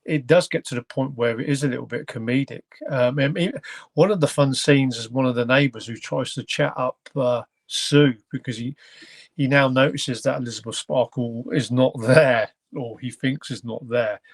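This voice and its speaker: A man's voice: medium pitch, moderate pace, no echo. A man hosting a casual film review chat. He rambles and often stops to search for words. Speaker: podcast host.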